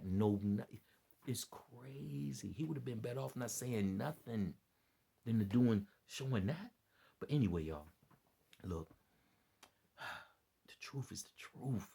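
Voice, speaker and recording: Tired male vlogger, preachy and repetitive, rough husky low voice. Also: unhurried, dark tone. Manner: repeats himself, loose and earnest. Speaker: vlogger giving religious commentary. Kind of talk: rambling preachy monologue to camera.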